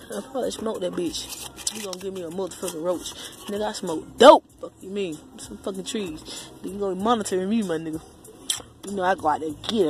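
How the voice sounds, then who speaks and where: A woman vlogger ranting casually to her viewers, profane, loud and rambling. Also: lowish voice, noisy background. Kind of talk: casual rant to the camera.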